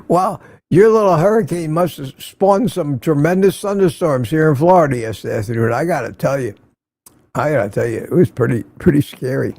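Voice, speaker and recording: Older male host, casual live-stream chatter, friendly roll-call of viewers, mellow tone, dry close sound. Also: on the high side, expressive, a little fast, gravelly, dry recording. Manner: chatty, greets viewers by name, laughs often.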